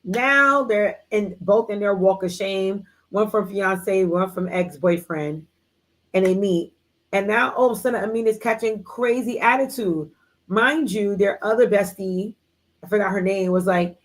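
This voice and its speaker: A woman hosts a live book club from her computer, recapping a story in loose, slangy chat. She acts out the characters' back-and-forth as she goes, and her voice sits at an ordinary middle pitch. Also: measured pace, low-quality recording. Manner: animated storytelling, acts out characters' lines in quotes; slangy, chatty, many fillers like "like" and "um". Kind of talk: casual live book discussion.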